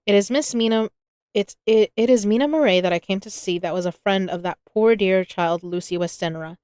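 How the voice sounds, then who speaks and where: A woman's voice: mid-range voice, fairly quick, darkish tone, clear, resonant tone, dry recording, close to an everyday voice. A woman voicing a courtly, earnest older male doctor in a novel read aloud, speaking in formal, old-fashioned phrases.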